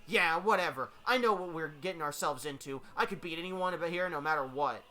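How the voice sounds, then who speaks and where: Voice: medium pitch, fairly quick, sharp tone, lightly acted. A narrator voicing a brash, cocky little animal fighter. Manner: brash, dismissive.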